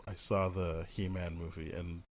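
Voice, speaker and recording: A man's voice: sits low, little pitch movement, moderate pace. A man co-hosting a casual movie review podcast, rambling and laughing as he acts out quotes. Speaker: podcast co-host.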